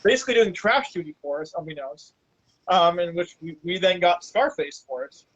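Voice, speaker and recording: A podcast host recounting an anecdote with energy, breaking into laughter along the way. The voice is middle pitched, and the recording sounds a little dull and muffled. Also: moderate pace. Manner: animated, laughing through the telling. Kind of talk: casual storytelling.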